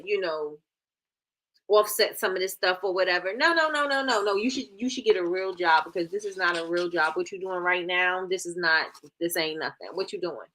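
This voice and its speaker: Woman host, bright tone, sassy and playful, reading chat comments live. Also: mid-range voice. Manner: animated, laughing, playful sass. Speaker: livestream host.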